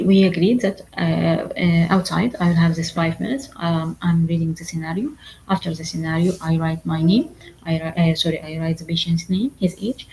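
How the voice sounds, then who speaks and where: A woman whose first language is Arabic, lecturing medical exam candidates in a halting, repetitive way, full of fillers and asking "okay?" often. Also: fairly low pitch, darkish tone, a little hiss or hum, low-quality recording. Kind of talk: online lecture.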